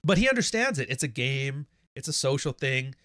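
Male livestream host, mid pitch, blunt and profane, animated storyteller, dry close sound. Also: moderate pace, dry recording. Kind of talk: casual livestream monologue.

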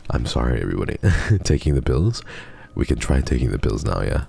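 A man's voice: extremely low pitch, very animated, brisk, creaky, mellow, slightly rough. A man streaming a horror game, chatting jokily with his viewers and reading the game's text aloud. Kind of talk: casual let's-play chat.

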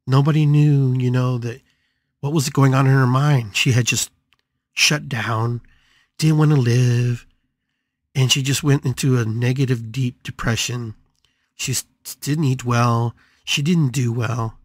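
A man's voice: mid-range voice, steady tone, unhurried, no echo, clean studio sound. A man hosting a spiritual podcast, telling a story with emphatic, dramatic repetition. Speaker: podcast host.

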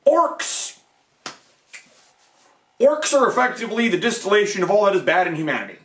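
Rapid-fire and very animated, this channel host talks through a casual fantasy-gaming monologue, tossing out rhetorical questions and "okay?" asides. His high-pitched voice is fairly bright, and the room echoes.

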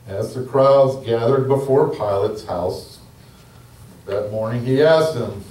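A man leading a church service as pastor, making slow, deliberate declarations and retelling a scripture story as a sermon. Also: mid-range voice, a little mellow. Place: church hall. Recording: roomy hall from a distance.

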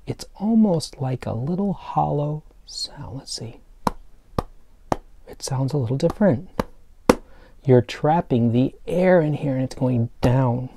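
A man teaching preschool children remotely, explaining step by step in a gentle, playful way. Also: medium pitch, gravelly, background noise. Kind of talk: remote lesson for young children.

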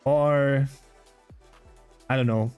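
A man's voice: medium pitch, fairly even intonation, extremely slow, a little mellow, smooth, faint music behind. A man with a slight German accent, a native German speaker, streaming a game and bantering with chat in a playful, rambling way. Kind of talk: casual gaming livestream chat.

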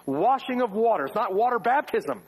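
A man's voice: high-pitched, sing-song, normal speed, breathy edge, rough recording. A man preaching a sermon to his congregation, firing off rhetorical questions with wry asides. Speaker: pastor. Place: church.

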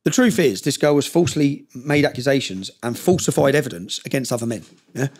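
A man's voice: mid-range voice, fairly quick. A man, a podcast guest telling a long story in casual conversation, emphatic and fond of tag questions like "yeah?".

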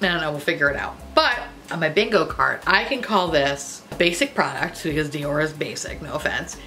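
Foul-mouthed gushing woman, bright voice. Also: medium pitch, a little hiss or hum. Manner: profane, excitable, gushing. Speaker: beauty YouTuber. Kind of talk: casual makeup review vlog.

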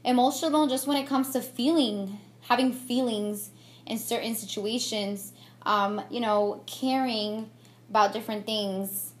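A woman's voice: a little high, unhurried. Chatty young woman doing her makeup. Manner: candid, chatty and reflective, with many fillers and restarts. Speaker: beauty vlogger. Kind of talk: get-ready-with-me chat. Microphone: camera mic on a tripod.

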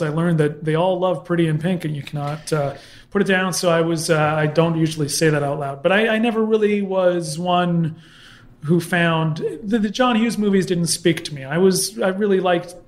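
A man's voice: sits high, moderate pace. A man telling a story in a casual interview, bringing it to life by acting out other people's voices. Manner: animated anecdote with mimicked voices. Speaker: guest, comedy historian.

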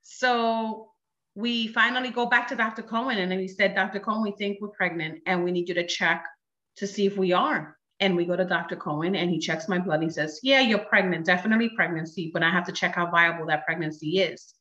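A woman in her thirties tells her story with lively energy, acting out every exchange in quoted voices. Her voice is bright and forceful. The recording sounds dull and roomy, with a noticeable echo. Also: on the low side, a little fast. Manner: animated, acts out dialogue in quoted voices. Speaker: guest sharing a testimony. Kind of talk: emotional personal storytelling.

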